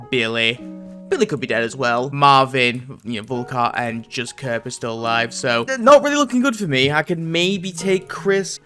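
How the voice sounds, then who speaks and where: Bright-voiced man narrating his game. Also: medium pitch. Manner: animated, stammering restarts, frequent laughs. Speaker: gaming video creator. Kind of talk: casual gameplay commentary and narration.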